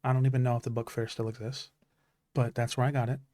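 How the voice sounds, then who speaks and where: A man's voice: mid-range voice, little pitch movement, fast talker, dark tone, no echo, clean studio sound. A man in his thirties, a streamer, talking in an earnest, heartfelt way about stories that matter to him, with many restarts. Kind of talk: casual chat.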